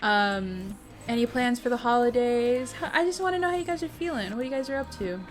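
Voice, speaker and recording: A woman's voice: on the high side, a little fast. A young woman hosting a livestream, chatting casually and bubbly with her viewers, greeting them by name and swearing now and then. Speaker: livestream host. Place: home streaming setup. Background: faint music playing.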